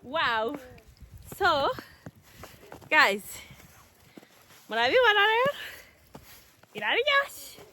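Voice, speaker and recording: Lively high-voiced Rwandan woman vlogging outdoors. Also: slow, long pauses. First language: Kinyarwanda. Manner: animated, coaxing, mixes English with Kinyarwanda, laughs often. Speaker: vlogger filming with her son. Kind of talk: casual outdoor vlog. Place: outdoors in snow. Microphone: phone camera.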